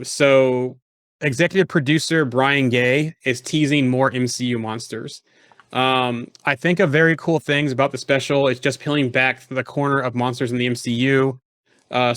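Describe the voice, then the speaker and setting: A man's voice: mid-range voice, fairly bright tone, no echo, clean studio sound. A man co-hosting a casual podcast chat, rambling with lots of fillers and restarts. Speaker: podcast co-host.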